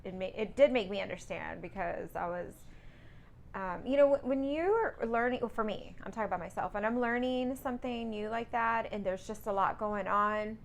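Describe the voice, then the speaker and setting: A woman's voice: mid-range voice, moderate pace, creaky. A woman talking in a casual vlog about her truck driving lessons, rambling and correcting herself as she goes.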